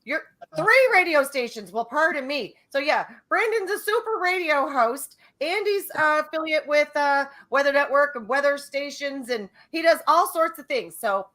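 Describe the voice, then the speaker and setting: A woman host chats and rambles her way through a trivia show. Her voice is high and bright, and she laughs easily. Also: lively intonation, moderate pace. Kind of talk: casual chat.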